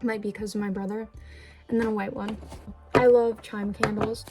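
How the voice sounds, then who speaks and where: A woman's voice: medium pitch, little pitch movement, moderate pace, over music, poor audio. A young woman vlogging at home, unboxing gifts in a gushing, chatty way with lots of fillers and little apologies. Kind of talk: casual vlog unboxing. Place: indoors at home.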